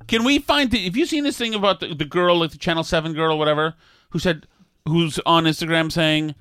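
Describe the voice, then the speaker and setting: A man's voice: fairly high pitch, brisk, fairly bright tone, clean tone, no room sound, studio quality. Sardonic man hosting a talk show. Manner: sardonic, grumbling, mock-outraged. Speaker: radio show host. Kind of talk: casual talk show banter.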